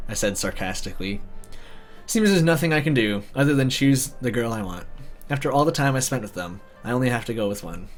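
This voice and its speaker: A man's voice: medium pitch, quick pace, faint music behind. A man reading a visual novel story aloud, breaking in with sarcastic comments. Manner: sarcastic asides, animated. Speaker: video narrator.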